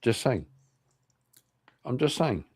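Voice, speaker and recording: A man with an Irish accent hosting an online interview show, chatting casually, animated and swearing freely. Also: mid-range voice, slow, slightly rough, dry recording. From Ireland. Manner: animated, swears a lot, laughs often. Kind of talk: casual livestream chat.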